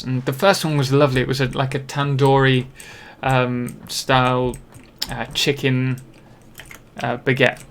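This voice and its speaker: A man's voice: mid-range voice, fairly bright tone, a little hiss or hum. Chatty young man streaming a game. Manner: rambling, chatty, self-deprecating, many ums and restarts. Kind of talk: casual live-stream chat while playing.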